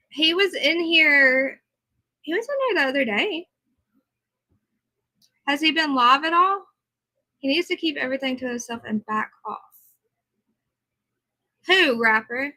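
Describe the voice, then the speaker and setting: A woman hosts a casual livestream, talking easily and answering her viewers as she goes. She sounds tired, but her voice stays bright and a little high. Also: low-quality recording. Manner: chatty, reads and answers viewer comments. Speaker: livestream host.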